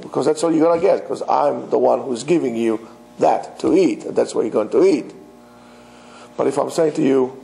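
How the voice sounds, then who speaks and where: A man's voice: mid-range voice, gravelly, mellow, low-quality recording. A man, a rabbi, giving an emphatic religious lecture and speaking straight to his listeners with rhetorical questions. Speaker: rabbi teaching.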